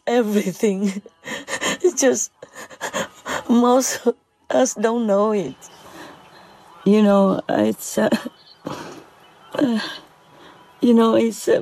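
Woman speaker, unhurried and gravelly, halting and emotional in a spiritual talk. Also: a little high, steady tone, dark tone, low-quality recording. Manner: halting, with many fillers and repeats.

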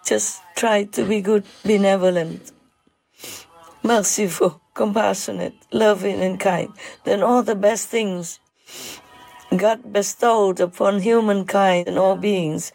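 A woman giving an emotional spiritual talk, halting and tearful, with her throat choked up and many pauses. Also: medium pitch, vocal fry, warm tone, low-quality recording.

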